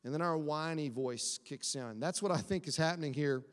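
A man's voice: on the high side, normal speed. A man preaching a conversational sermon, acting out quotes in a whiny voice. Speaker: pastor. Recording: long hall reverb.

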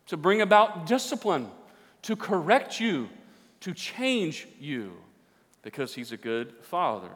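Emphatic preacher. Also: male voice, fairly high pitch, big pitch swings, slow pace. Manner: emphatic, rising to near-shouting at key points. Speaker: pastor. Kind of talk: sermon. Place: church sanctuary with an audience. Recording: long hall reverb.

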